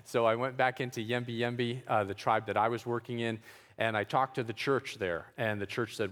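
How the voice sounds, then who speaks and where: A man's voice: lowish voice, steady tone, brisk, fairly bright tone, in a large hall. A man telling a story from his missionary work in a loose, conversational way, with fillers and small chuckles. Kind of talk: storytelling talk.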